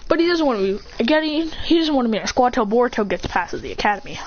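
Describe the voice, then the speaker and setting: A woman rambles through a homemade fan story, her voice lively and swooping, correcting herself as she goes. The recording is dull and lo-fi, with a faint hiss underneath. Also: fairly high pitch, rapid-fire. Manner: rambling, self-correcting, acts out quoted lines. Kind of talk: casual fan-fiction storytelling.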